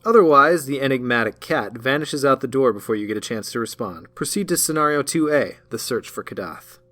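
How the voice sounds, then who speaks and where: A man reading scripted narration from a card game campaign in a measured, even voice. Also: mid-range voice.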